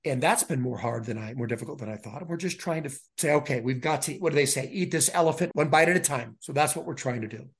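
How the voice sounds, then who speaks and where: A middle-aged man talking candidly as a podcast guest, earnest and animated as he retells events. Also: medium pitch, fast, hardly any pauses, slightly rough. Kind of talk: candid conversational storytelling.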